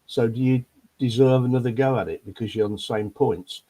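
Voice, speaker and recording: An older Leicester man with a medium-pitched, dark-toned voice speaks fairly quickly. On a football fan panel, he grumbles through a rambling, casual chat full of ums.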